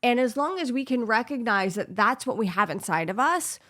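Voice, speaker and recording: A woman's voice: a little high, animated, normal speed, a bit bright. A woman co-hosting a casual talk show, speaking earnestly and encouragingly, sometimes quoting scripture. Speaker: podcast co-host. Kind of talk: casual faith-based chat.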